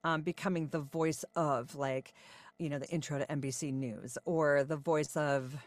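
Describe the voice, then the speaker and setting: A woman's voice: deep voice, fairly even intonation, normal speed. A woman in her forties, a voice-over artist, chatting upbeat in a podcast interview with frequent ums.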